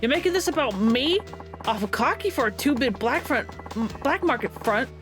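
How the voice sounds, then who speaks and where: A woman's voice: sits high, animated, normal speed, music in the background. Woman doing a brash foul-mouthed yakuza thug. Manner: coarse, swaggering street talk. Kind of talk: reading game subtitles aloud in voices.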